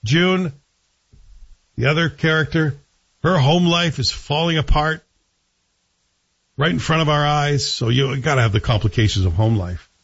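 Guy rambling through a tv review, kinda husky, wry and frank, muffled lo-fi sound. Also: on the high side, normal speed, long pauses, a bit bright. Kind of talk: casual spoken review. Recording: dull lo-fi recording.

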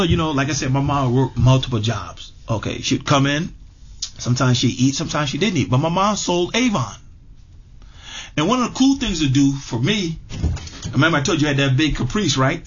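A middle-aged man telling a personal story in a relaxed, conversational way, full of fillers and repeated words. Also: on the high side, a little hiss or hum. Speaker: interviewee. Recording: dull lo-fi radio audio with music behind.

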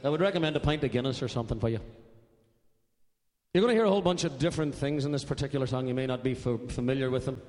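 A man on stage briskly explaining a drinking song and leading the audience in singing it. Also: mid-range voice, a little mellow. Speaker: singer leading a pub song. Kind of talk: live song introduction and singalong. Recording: echoey hall.

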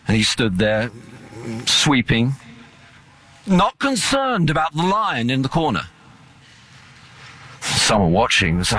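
Slow, bright-voiced male preacher. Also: medium pitch, big pitch swings, slight background noise. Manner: earnest, measured preaching. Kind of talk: sermon.

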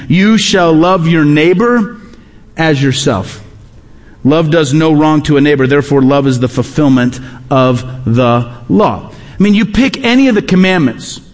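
High-voiced man preaching a sermon. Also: in a large hall. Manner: earnest, repeats key phrases for emphasis. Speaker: pastor.

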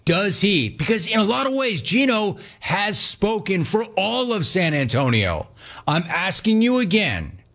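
Animated sports radio host, lively pitch. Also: male voice. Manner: animated, mocking, repetitive emphasis.

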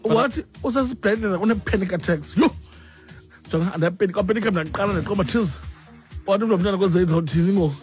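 A high-pitched man hosts a breakfast radio show. He tells stories with animated energy and switches freely between isiXhosa and English, with music playing faintly underneath. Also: fast talker. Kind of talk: casual radio banter.

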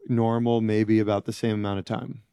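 A middle-aged man with a low, mellow voice answers interview questions in a halting, reflective way, often pausing to search for words. His voice sounds close and dry, with no room around it. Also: flat delivery, gravelly, clean tone, no echo. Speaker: interview guest, former prisoner.

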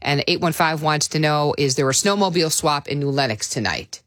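A woman's voice: deep voice, brisk. A woman with a Chicago accent hosting a radio show, chatting casually and reading out listener texts in a studio. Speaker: radio host. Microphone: studio mic.

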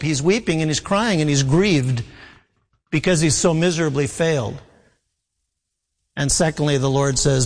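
A man's voice: on the high side, normal speed, big-room sound, poor audio. A man preaching a sermon in an earnest, urgent way, often speaking the lines of Jesus and Peter in the first person. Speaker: pastor.

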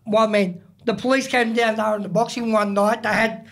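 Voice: mid-range voice, fairly even intonation, a little fast, fairly bright tone. Emphatic storyteller. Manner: emphatic storyteller, acts out quoted speech. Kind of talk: casual chat.

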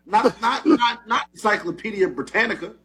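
A man co-hosting a show, teasing in casual banter, with his voice jumping up when he gets excited. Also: moderate pace, noisy background. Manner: animated, teasing, jumps up in pitch when excited. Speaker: co-host.

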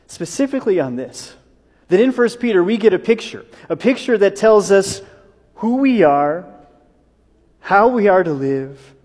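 A man pastor gives a Sunday sermon, speaking in a somewhat high voice. He tells his story in waves, rising in force and then sinking to near-whispers. The sound carries a long reverb from the church hall. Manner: storytelling, builds in waves then drops to a hush.

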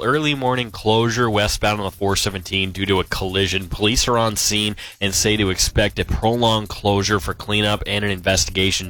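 A man's voice: on the low side, bright, forceful tone. A man reading a morning traffic report on the radio in a matter-of-fact way.

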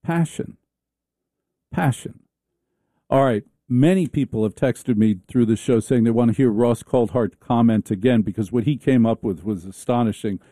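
A man's voice: mid-range voice, normal speed, few pauses, dark tone, no echo, studio quality. A man hosting a talk radio show, riffing in a sarcastic, theatrical comic monologue.

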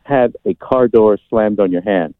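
A man calling into a radio show, with a lowish voice over a thin, phone-like line. He talks earnestly and gives short answers. The sound is dry. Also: unhurried, no echo. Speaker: caller. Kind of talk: phone-in conversation.

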